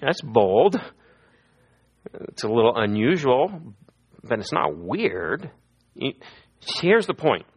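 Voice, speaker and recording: A man's voice: medium pitch, slow, pauses often, breathy edge, muffled recording. A middle-aged man preaching a sermon as a pastor, telling stories and acting out the people he quotes. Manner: lively storytelling, acting out quoted voices.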